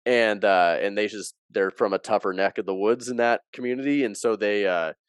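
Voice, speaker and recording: A man with a smooth, resonant voice tells a story as a guest in an interview. He is an athletic director and talks in an animated way, playing out what others said. The sound is dry and close. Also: on the low side, normal speed, dry recording. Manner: animated storyteller who acts out quoted dialogue.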